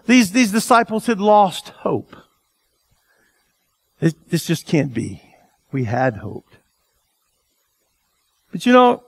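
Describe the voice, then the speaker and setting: A male pastor preaching a sermon in an animated, conversational way, asking the congregation rhetorical questions. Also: very high voice, creaky, dry recording.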